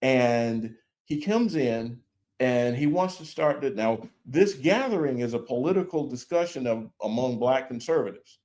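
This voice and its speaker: A man's voice: medium pitch, expressive, measured pace, darkish tone. A middle-aged man, a guest on a podcast, talking in a folksy, conversational way. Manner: folksy, conversational, with many "you know"s. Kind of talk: casual podcast chat.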